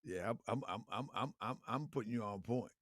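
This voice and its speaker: A man's voice: fairly low pitch, a little fast, fairly bright tone, dry recording, clean studio sound. A man hosting a live stream, talking loosely to his viewers with frequent laughs, repeated phrases and calls of fam. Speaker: livestream show host. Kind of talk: casual livestream talk to viewers.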